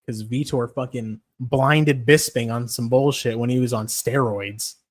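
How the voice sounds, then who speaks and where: A man's voice: mid-range voice, fairly even intonation, unhurried. A young man chatting casually on a stream, rambling, swearing freely and laughing often. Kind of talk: casual MMA stream chat.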